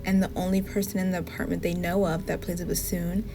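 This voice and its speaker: Chatty woman recapping a tv show, gravelly low-key voice, faint music behind. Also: little pitch movement, fast. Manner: chatty, lots of "like" asides. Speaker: TV show reviewer. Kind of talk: casual plot recap.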